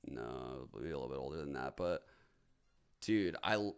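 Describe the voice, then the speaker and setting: With a very deep, gravelly voice and lively intonation, a New Orleans man hosts a livestream watch party at normal speed. The tone is clean, and he chats casually, joking, swearing, and reacting aloud.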